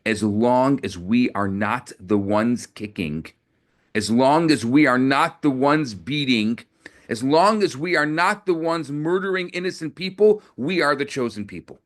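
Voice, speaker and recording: A man voicing a calm, defiant older rabbi who answers his tormentors serenely. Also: medium pitch, a little slow, voice pushed up, lightly acted.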